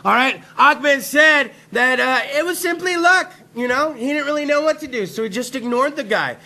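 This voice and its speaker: A man hosting a live internet talk show, telling a profane, rambling, excitable comedic rant. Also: very high-pitched, normal speed.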